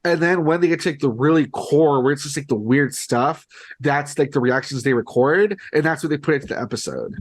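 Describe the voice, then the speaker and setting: A man's voice: a little high, fairly quick. A man co-hosting a podcast, retelling a show in a rambling, filler-heavy casual chat. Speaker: podcast co-host.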